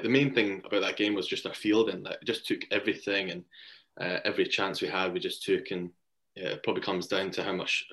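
A man's voice: sits low, fairly bright tone. A young man, a cricket player as guest, telling casual stories and laughing along. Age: young adult. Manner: chatty, laughs while telling anecdotes. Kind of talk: casual interview storytelling.

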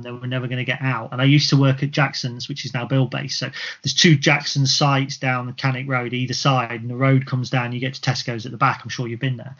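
A man co-hosting a football podcast, telling a story in an animated, casual way with some swearing. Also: mid-range voice. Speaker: podcast co-host. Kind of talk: casual chat. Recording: slightly dull lo-fi sound.

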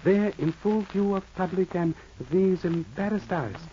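A formal, patient old detective in a vintage radio drama, talking in clipped proverbs with articles dropped. The voice sits high but sounds dark and mellow. The old broadcast is muffled, with a faint hiss. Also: male voice, measured pace. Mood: calm, formal. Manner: clipped stilted phrasing, drops articles, polite and aphoristic. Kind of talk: 1940s radio acting.

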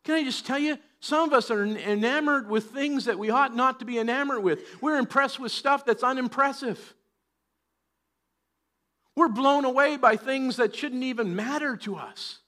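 A man preaching a sermon in church, joking and chatty at times and then rising to loud, emphatic preaching. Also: very high-pitched, moderate pace. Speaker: pastor.

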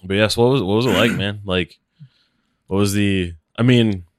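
A man's voice: on the low side, moderate pace, no room sound, studio quality. A man co-hosting a podcast in casual chat, laid-back, laughing often and chiming in. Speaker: podcast co-host.

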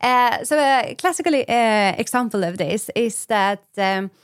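A woman's voice: fairly high pitch, animated, measured pace, smooth, no echo, clean studio sound. A woman, a brain specialist explaining ideas in a podcast interview and acting out little example dialogues.

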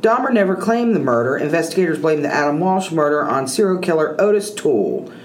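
A woman's voice: deep voice, sing-song, a little fast, a little mellow, a little hiss or hum, rough recording. A woman co-hosting a podcast, reading case notes aloud with dry, sarcastic asides.

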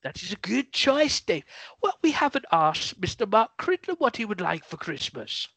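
A man putting on a jolly, bumbling old Father Christmas with a booming ho-ho laugh for a comedy podcast skit. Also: big pitch swings, normal speed, creaky, a bit bright, slightly rough, no room sound, full character voice. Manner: bumbling, playful.

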